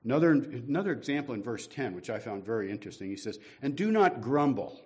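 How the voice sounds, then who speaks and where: A man's voice: mid-range voice, darkish tone. Man preaching a conversational sermon. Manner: conversational, self-deprecating humor, rhetorical questions. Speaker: guest preacher.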